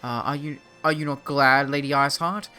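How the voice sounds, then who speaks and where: A man's voice: mid-range voice, fairly even intonation, fairly quick, bright, forceful tone, smooth, faint music behind, close to an everyday voice. An Australian man voicing a stern, blunt dragoon knight while reading game dialogue aloud. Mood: mocking. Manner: reading quest dialogue aloud with mild drama.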